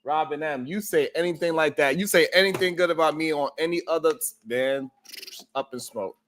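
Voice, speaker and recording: A man's voice: a little high, brisk, a bit bright, slight background noise. A man hosting a live-stream show, chatting casually with viewers in a loose, profane, joking way and laughing often.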